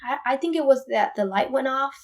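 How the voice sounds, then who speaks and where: A young woman from Puerto Rico, a podcast guest, retelling a family story in an animated, emphatic way with many restarts. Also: sits high, a little fast. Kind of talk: casual storytelling.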